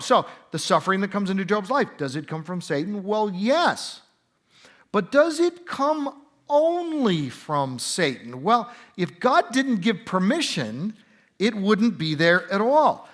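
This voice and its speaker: A man with a high, buoyant voice that swoops up and down as he talks through scripture. He answers interview questions in an animated, emphatic way and throws in quick conversational asides. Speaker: interview guest, Bible teacher. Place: conference center.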